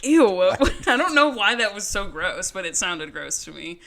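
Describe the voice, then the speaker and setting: A woman's voice: medium pitch, big pitch swings, moderate pace, vocal fry, bright, forceful tone, slight background noise. A young adult woman hosting a podcast, chatting casually with profane, teasing banter and frequent laughter. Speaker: podcast host. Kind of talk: casual chat.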